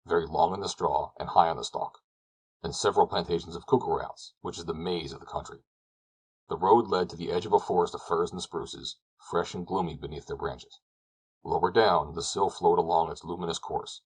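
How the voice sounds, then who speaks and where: A man narrating a classic novel as an audiobook, in a measured, descriptive storytelling manner. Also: sits low, breathy edge, low-quality recording.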